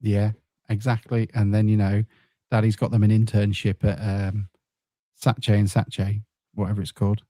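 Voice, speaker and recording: Mellow, wry man. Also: lowish voice, flat delivery, a little fast, dry recording, clean studio sound. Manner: wry, laid-back, reads listener comments. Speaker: podcast co-host. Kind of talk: casual football chat.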